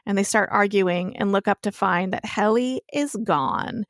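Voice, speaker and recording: A woman's voice: medium pitch, measured pace, few pauses, no echo, studio quality. A young woman co-hosting a podcast, retelling a TV episode in a chatty, casual way with plenty of swearing. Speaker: podcast co-host. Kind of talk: casual TV recap chat.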